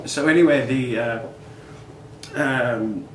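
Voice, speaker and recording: An older man in his sixties, a musician guest in a casual interview, telling animated stories and acting out quoted dialogue. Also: medium pitch, slow pace. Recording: echoey room with faint noise.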